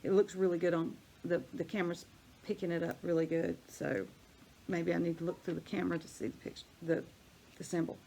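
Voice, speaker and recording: An older woman, chatting casually and thinking out loud as she demonstrates a craft project. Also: fairly low pitch, a little fast, creaky, slight background noise. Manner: chatty, rambling, thinks aloud while working. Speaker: crafting vlogger.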